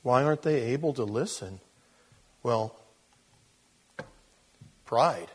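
A man, a pastor, preaching an expository sermon, swinging from loud emphasis to quiet asides. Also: medium pitch, animated, takes it slowly, slightly rough.

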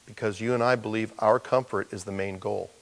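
Gravelly and fairly low-pitched, this middle-aged preacher speaks a little fast as he delivers a sermon to his congregation. He brings the story alive by acting out the characters' voices.

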